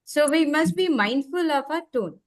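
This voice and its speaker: A woman with a high voice runs an online training session, explaining each step patiently. She repeats key words and slows down to spell out her examples. The sound comes through a computer mic on a video call. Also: lively intonation. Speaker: trainer leading an online workshop. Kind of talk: live online workshop instruction.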